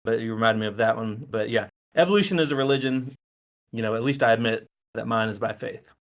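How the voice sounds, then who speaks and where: A man hosts an interview and talks plainly and firmly. His voice sits at a middle pitch for a man. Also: fast talker. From East Tennessee. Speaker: host. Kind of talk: interview conversation.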